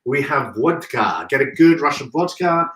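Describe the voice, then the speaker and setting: A man's voice: medium pitch, lively intonation, normal speed, echoey room, recorded from a distance, background noise. A man hosting a live chat while making a cocktail, chatty and effusive. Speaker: host.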